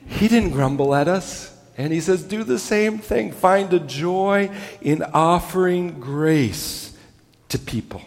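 Man, pastor, sermon, emphatic, slightly high voice, long hall reverb. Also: slow pace, gravelly. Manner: emphatic, drops low and soft on key words.

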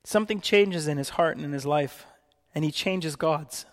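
In this sermon, a man from Canada shares stories at a moderate pace, laughing often and performing the quotes. His voice is on the high side for a man. Long hall reverb fills the sound.

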